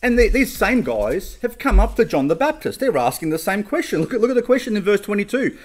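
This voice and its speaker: A man's voice: high voice, big pitch swings, brisk, hardly any pauses. A man preaching a sermon, reading King James scripture aloud and putting questions to his listeners before answering them himself. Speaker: pastor.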